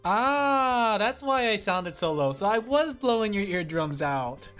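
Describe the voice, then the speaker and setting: A streamer chats to the viewers in a loose, rambling way, often breaking into laughter. The voice sits at an ordinary middle pitch, caught on a streaming mic. Soft music plays faintly in the background. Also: very animated, normal speed. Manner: chatty, rambling, laughs often, talks to chat. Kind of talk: casual livestream chat while drawing. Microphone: streaming microphone with headphones.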